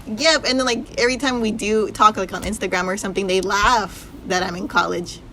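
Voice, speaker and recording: A woman's voice: medium pitch, fairly even intonation, fairly quick, bright, forceful tone, slight background noise. Young woman laughing easily in chat. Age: young adult. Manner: laughs easily, short back-channel replies. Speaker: podcast co-host. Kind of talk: casual chat.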